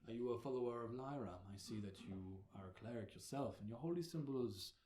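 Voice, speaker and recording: A man voicing a towering, bearded old male head cleric with a deep voice who gives orders to his helpers. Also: fast talker, echoey room, background noise, natural voice. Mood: polite.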